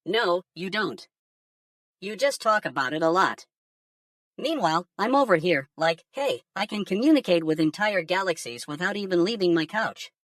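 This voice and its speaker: A woman's voice: fairly low pitch, lively intonation, normal speed, a bit bright, dry recording, studio quality, recorded from a distance. A woman voicing a laid-back, stoned alien conspiracy theorist who rambles and swears casually in a comedic monologue. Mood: stoned rambling.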